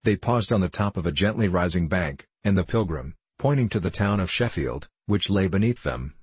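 A man narrating a classic novel as an audiobook, with steady, formal storytelling. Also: sits low, normal speed, slightly rough, no room sound.

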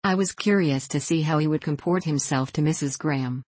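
Low-voiced woman narrating a classic novel. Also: brisk, a little mellow, no room sound. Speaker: audiobook narrator.

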